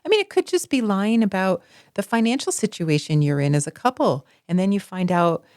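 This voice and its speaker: A woman's voice: medium pitch, lively intonation, a little fast, darkish tone, no room sound, clean studio sound. A woman co-hosting a podcast, talking expressively in casual chat and acting out little quotes. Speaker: podcast co-host.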